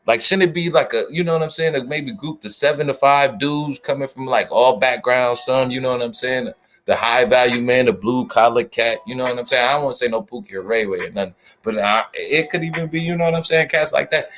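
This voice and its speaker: A man hosting a casual livestream, talking in an animated, slangy way and speaking straight to his chat. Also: medium pitch, fairly quick. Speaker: livestream host.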